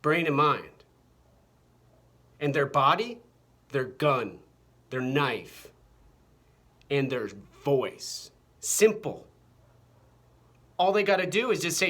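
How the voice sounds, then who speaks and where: Guy ranting into his camera, kinda high voice, super slow, swears a lot, keeps repeating himself. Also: expressive, a bit bright. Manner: agitated, repetitive, profane rant. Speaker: vlogger. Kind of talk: rambling monologue to camera. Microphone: camera mic.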